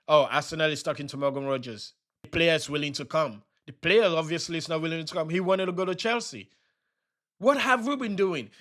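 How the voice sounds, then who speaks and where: Agitated high-voiced young man ranting. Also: a bit bright. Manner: agitated, repeating himself, rhetorical questions. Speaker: football channel host. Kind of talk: upset fan reaction vlog.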